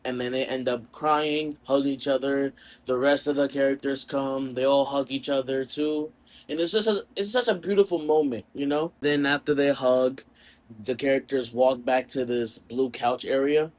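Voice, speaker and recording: A man's voice: mid-range voice, normal speed. A man casually retelling his rewrite of a story, rambling with lots of fillers. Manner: rambling, filler-heavy, animated. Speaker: storyteller and video creator.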